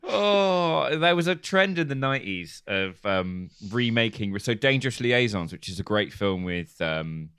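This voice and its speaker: A man co-hosting a casual film podcast, animated, joking and swearing freely. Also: fairly low pitch, moderate pace, hardly any pauses, smooth, no echo, clean studio sound. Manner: animated, profane, jokey. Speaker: podcast co-host.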